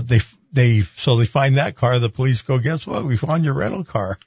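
Speaking at a medium pitch, a middle-aged pastor recounts a personal story during an interview, animatedly performing the voices of those involved. There's no room sound, though the audio comes across dull, dry, and a bit muffled.

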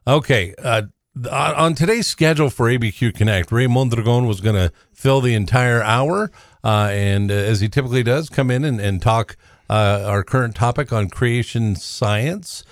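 A man hosting a live talk radio show, speaking in a halting way with many fillers. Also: mid-range voice, no echo, clean studio sound. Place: radio studio. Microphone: studio microphone.

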